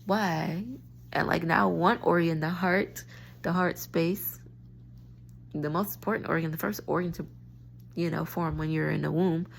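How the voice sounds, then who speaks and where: Woman vlogger, low gravelly voice, tired, frustrated, rambling phone rant. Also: fairly even intonation, normal speed, a little hiss or hum. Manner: frustrated, stream-of-consciousness, restarts thoughts. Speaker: spiritual vlogger.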